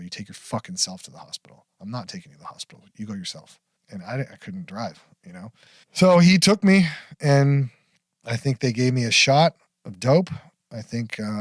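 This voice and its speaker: A middle-aged man speaking as a podcast guest, telling his story frankly and with blunt swearing. His voice sits in a middle pitch and sometimes sinks to a near-whisper. The sound is dry and close, with no room echo. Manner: frank, profane, drops to near-whisper at heavy moments. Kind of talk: candid storytelling interview.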